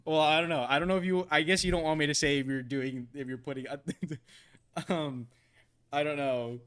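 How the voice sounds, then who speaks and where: A man's voice: on the high side, fairly even intonation, moderate pace, a bit bright, clean tone. A man live-streaming a game, chatting casually in a flustered, stammering way and laughing often.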